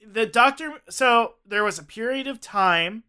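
Bright, high-pitched podcast guy. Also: lively intonation, measured pace, clear, resonant tone. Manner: laughs often, rambling banter. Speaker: podcast co-host. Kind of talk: casual chat.

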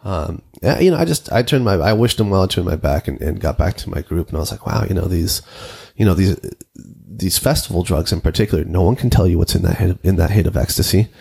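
Very deep, gravelly, husky-voiced man. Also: expressive, quick pace, hardly any pauses, a little mellow. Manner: rambling, anecdotal, many fillers. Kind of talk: casual conversation, storytelling.

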